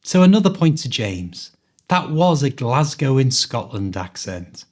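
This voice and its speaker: A man with a mild Liverpool Scouse accent hosting an accent quiz, upbeat, clear and instructive. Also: mid-range voice, big pitch swings, unhurried. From Liverpool, England. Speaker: host and English coach.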